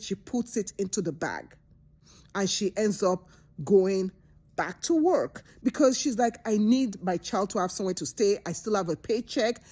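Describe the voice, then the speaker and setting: Animated woman recapping a movie. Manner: animated, acts out characters in high voices. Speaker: movie reviewer.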